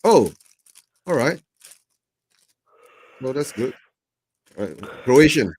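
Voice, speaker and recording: A man chatting casually over a video call while watching football, relaxed and quick to laugh. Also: medium pitch, a little hiss or hum. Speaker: guest co-watcher.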